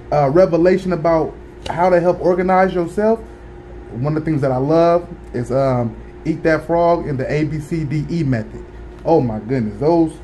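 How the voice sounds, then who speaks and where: A man's voice: fairly high pitch, darkish tone, a little hiss or hum. A man in his thirties at home, talking casually to camera in a book review, with laid-back slang and lots of fillers and restarts.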